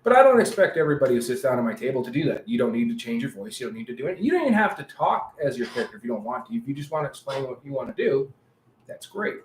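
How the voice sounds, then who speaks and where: Animated man chatting in an echoey room. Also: mid-range voice, racing, slight background noise. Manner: animated storyteller, acts out quoted voices. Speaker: podcast co-host. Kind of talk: casual chat. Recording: echoey room with faint ambience.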